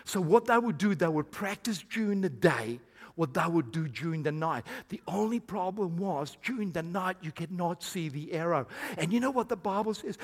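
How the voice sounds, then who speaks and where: A man preaching a sermon as pastor, swinging between hushed, intimate lines and loud, emphatic bursts. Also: high voice, expressive, normal speed. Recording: long hall reverb.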